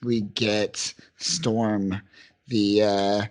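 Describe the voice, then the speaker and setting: A man's voice: on the low side, drawn-out words. A man co-hosting a podcast, casually recapping a comic issue and acting out characters' lines with laughs. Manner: animated, acts out characters' lines. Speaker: podcast co-host. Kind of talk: casual comic book discussion.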